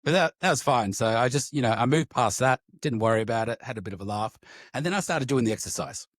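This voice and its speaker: Man, podcast host, casual storytelling, candid, middle pitch, dry recording. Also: quick pace, no echo. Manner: candid and animated, swears casually.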